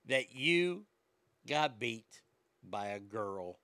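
Blunt, profane man ranting, gravelly and bright. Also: medium pitch, sing-song, extremely slow. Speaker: commentator. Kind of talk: opinion rant.

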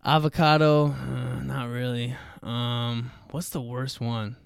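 A man's voice: medium pitch, flat delivery, slow pace, creaky, smooth, no room sound, clean studio sound. A man hosting a solo podcast, ranting in a profane, rambling way and saying dude and bro constantly. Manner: loud shouting rants. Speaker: podcast host. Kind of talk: solo comedic rant.

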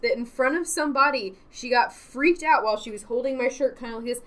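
Animated, swearing woman storyteller. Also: fairly high pitch, quick pace. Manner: animated, swearing storyteller who gets loud at punchlines. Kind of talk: casual chat.

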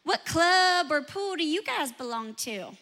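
A woman's voice: extremely high pitch, animated, unhurried, pushed and bright, full character voice. A woman voicing snooty middle school girls in a mocking, sing-song tone.

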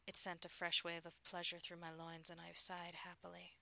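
Breathy, gravelly woman reading a story. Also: on the low side, completely flat delivery, normal speed, sharp tone. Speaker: narrator. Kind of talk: scripted first-person erotic story reading.

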